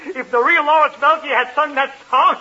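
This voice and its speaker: A man hosting a 1940s radio comedy, excitable and wisecracking. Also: very high-pitched. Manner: fast-talking, excitable, wisecracking. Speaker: comedy show host. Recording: muffled old radio broadcast, studio audience.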